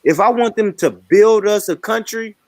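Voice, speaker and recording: A man's voice: high voice, normal speed, no echo. A man with a Southern American accent, chatting on a live online panel and telling stories with lots of "you know what I mean.". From Southern United States. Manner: animated storyteller, keeps asking "you know what I mean".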